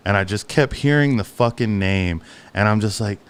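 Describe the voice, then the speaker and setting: A man's voice: on the low side, moderate pace, clear, resonant tone. A man co-hosting a podcast, talking in a brash, loose way and swearing often. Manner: profane, brash. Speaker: podcast co-host. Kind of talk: casual podcast chat.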